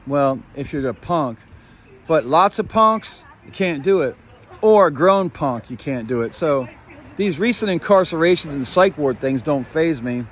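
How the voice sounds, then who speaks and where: A man with a notably high voice rants to his viewers in a long, profane monologue. He jumps from one theory to the next, toys with puns, and keeps asking "guess what". He addresses the audience directly throughout. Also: lively intonation, unhurried, slight background noise. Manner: profane, swears often; rambling, jumps between topics, plays on words. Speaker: vlogger. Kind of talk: rambling conspiratorial monologue.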